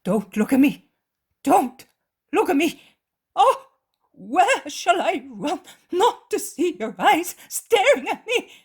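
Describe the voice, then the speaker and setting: A woman's voice: very animated, slow, full character voice. A woman voicing a terrified, guilt-stricken man who cries out frantically for mercy in an audiobook. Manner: shrill, frantic crying shouts.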